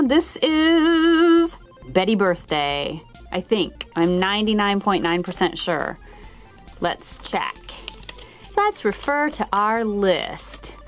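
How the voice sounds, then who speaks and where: Woman, toy unboxing host, bubbly, giggly, gushing, very expressive pitch.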